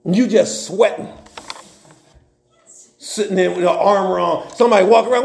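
High, gravelly preacher in an echoey room. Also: male voice, moderate pace, long pauses, slight background noise. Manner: animated, folksy storytelling with humor. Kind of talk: sermon. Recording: roomy echo.

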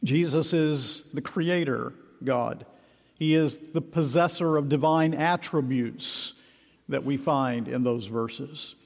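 A man preaching an expository sermon, emphatic and measured, slowing down to stress key words. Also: medium pitch, gravelly. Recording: long hall reverb.

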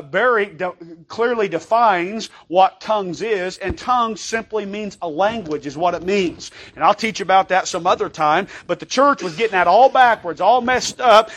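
A man with a high voice preaching a sermon from the pulpit. He talks emphatically and conversationally, pausing to ask for an amen. When he reads scripture, he slows right down. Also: fairly bright tone. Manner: emphatic, calls for amens, reads scripture slowly. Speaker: pastor.

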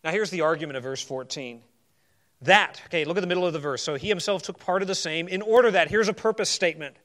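A man with a voice on the high side preaches a sermon, going through a Bible passage verse by verse. He shifts between emphatic declarations and quiet asides.

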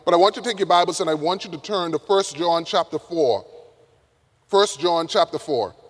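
A man preaching a sermon to college students, emphatic, swinging from loud to hushed. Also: fairly high pitch, moderate pace. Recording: reverberant hall.

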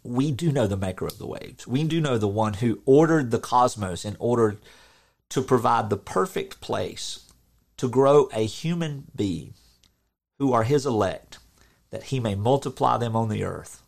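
Gravelly-voiced man preaching earnestly. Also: medium pitch, unhurried. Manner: earnest, animated, acts out quotes, laughs. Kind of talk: informal sermon.

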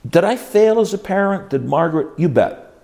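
A man's voice: normal speed, vocal fry. An older man teaching a class on biblical counseling, folksy and emphatic, with frequent restarts. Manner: folksy, emphatic, with animated swoops in pitch and many restarts. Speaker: Bible teacher.

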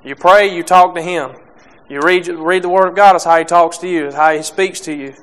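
Halting young preacher, smooth voice. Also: male voice, fairly high pitch, fairly even intonation, a bit bright. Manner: halting, many restarts and fillers. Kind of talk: sermon.

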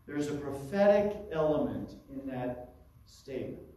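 A man's voice: medium pitch, lively intonation, a little slow, mellow, very echoey, distant mic, poor audio. A man preaching an expository sermon, teaching through a Bible passage with frequent asides.

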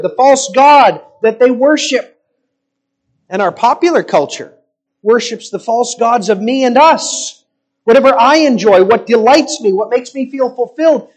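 A man preaching a sermon in an emphatic, rhetorical style with deliberate pauses. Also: very high voice.

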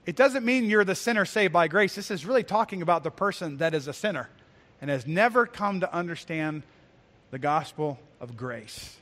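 A man's voice: high voice, fairly bright tone, long reverb tail. A male pastor preaching an earnest, emphatic sermon with repeated phrases.

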